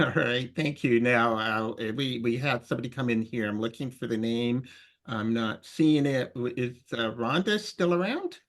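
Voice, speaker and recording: Brief: male host from Canada, informal, halting intros, video-call sound. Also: mid-range voice. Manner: friendly and informal, with many fillers. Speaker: meeting host. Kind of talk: hosting an online user group meeting.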